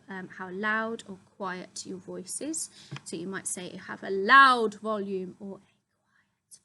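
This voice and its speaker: A young woman explains drama terms in a clear, bright, slightly high voice. She speaks like a teacher walking a class through a list, with plenty of ums. Faint noise hums behind her. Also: rough recording.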